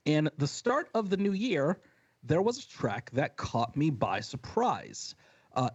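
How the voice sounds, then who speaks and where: Animated man on a podcast. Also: on the high side, no echo, highs cut off. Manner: animated, jokey, sports metaphors. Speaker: podcast co-host. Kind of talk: casual chat.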